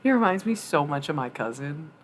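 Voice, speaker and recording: A woman's voice: sits low, expressive, a little fast, slight background noise. A woman chatting casually on a live stream, blunt and profane with a tough-love edge, laughing often. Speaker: livestreamer.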